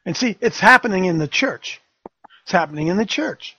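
A man's voice: high voice, lively intonation, moderate pace, sharp tone, husky, lo-fi sound. An older man hosting a talk radio show, fiery, emphatic and rambling.

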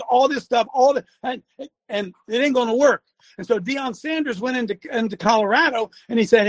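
An older man hosting a talk show as a former coach, venting and scolding his audience with bursts of shouting. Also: very high-pitched. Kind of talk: ranting commentary.

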